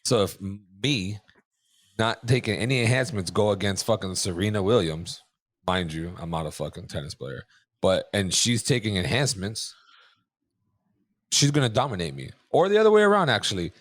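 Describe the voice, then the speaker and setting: A man with a lowish voice argues his case bluntly in a casual podcast chat, swearing freely. The recording is close and dry. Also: expressive, moderate pace, dry recording. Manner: blunt, argumentative, profane. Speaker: podcast co-host.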